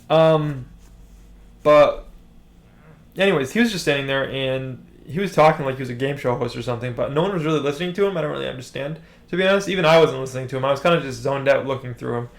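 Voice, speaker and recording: A man's voice: on the high side, vocal fry. A young man telling a story in a rambling, hesitant way, full of fillers and restarts. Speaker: storytime vlogger.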